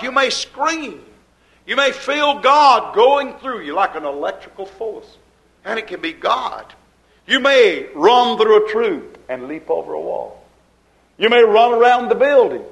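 In poor audio, a pastor delivers a sermon in a high-pitched, creaky voice. He's fervent and uses folksy grammar, throws out rhetorical questions, and moves between loud and hushed passages.

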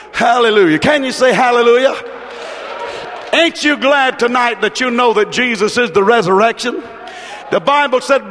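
A man preaching a fervent, rhythmic sermon that swells into shouts. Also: very high-pitched, slight background noise. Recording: long reverb of a large hall.

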